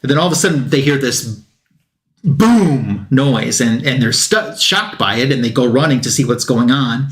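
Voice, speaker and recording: A man at an ordinary pitch recaps a comic for a review show, talking loosely with plenty of fillers and restarts. When he quotes the characters, he speeds up and reads their lines without putting on voices. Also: animated, moderate pace. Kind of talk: casual comic recap, reading dialogue aloud.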